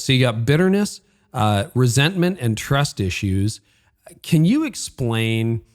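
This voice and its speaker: A man's voice: mid-range voice, a little mellow. Enthusiastic middle-aged male podcast host. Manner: enthusiastic and affirming, acts out his own inner voice. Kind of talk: conversational interview.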